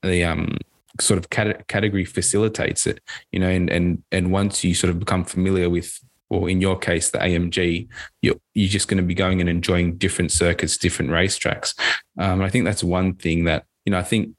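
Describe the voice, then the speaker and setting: A man's voice: low-pitched, level tone, brisk, no room sound. A man hosting a podcast, speaking thoughtfully and hesitantly with many fillers. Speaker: podcast host. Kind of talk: casual podcast interview.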